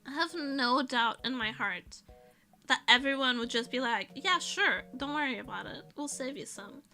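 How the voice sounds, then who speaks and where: A woman's voice: sits high, expressive, normal speed, sharp tone. A young woman streamer chatting casually, rambling and self-mocking with frequent laughs. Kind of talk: casual chat.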